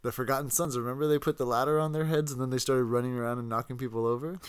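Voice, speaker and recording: A man's voice: medium pitch, fairly even intonation, racing, clear, resonant tone, dry recording. A man co-hosting a podcast in casual chat. He gives blunt, opinionated remarks. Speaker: podcast co-host. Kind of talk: casual chat recapping wrestling.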